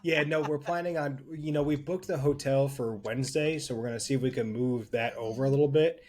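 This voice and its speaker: A man's voice: medium pitch, steady tone, fairly quick, a little mellow. Sarcastic New Jersey guy. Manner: sarcastic, swears freely. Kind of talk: casual chat.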